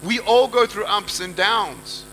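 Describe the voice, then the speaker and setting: A man with an Australian accent delivers an emphatic motivational talk to an audience, repeating key lines and acting out what others said. His voice sits high and sounds very bright and forceful. A faint electrical hum runs under the recording. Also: slow, low-quality recording. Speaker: motivational speaker. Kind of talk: motivational speech to a live audience.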